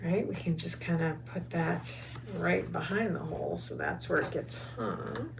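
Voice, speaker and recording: A woman's voice: on the low side, animated, measured pace, gravelly, noisy background. A middle-aged woman from the United States hosting a crafts video, chatting upbeat with viewers while she works. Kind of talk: casual crafting talk and promo.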